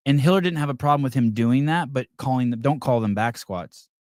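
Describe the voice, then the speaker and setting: Brisk and darkish-toned, this mid-range male host chats casually on a podcast, telling rambling stories with many fillers and restarts and acting out quotes. The audio is dry and studio quality.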